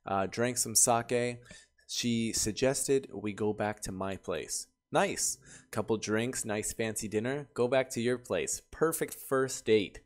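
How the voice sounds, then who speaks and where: A man reading stories aloud and breaking off to react with loud, laughing, animated commentary. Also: medium pitch, unhurried. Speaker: YouTuber reading Reddit stories.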